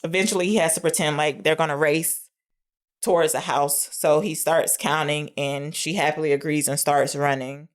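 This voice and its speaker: Female podcast co-host, low voice, casual film recap, earnest. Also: steady tone, normal speed.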